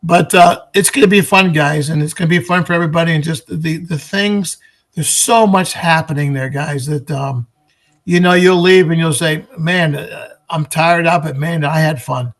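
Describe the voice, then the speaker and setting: Excitable man with a slightly raised voice. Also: a little high, moderate pace. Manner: enthusiastic, promotional, frequent restarts. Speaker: guest, pinball expo organizer. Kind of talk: casual interview chat.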